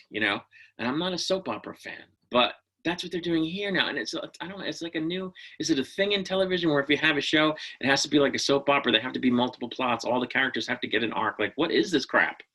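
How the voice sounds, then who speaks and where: A man's voice: mid-range voice, pushed and bright, low-quality recording. A man giving a casual, opinionated spoken review of a TV episode, ranting and often restarting his sentences.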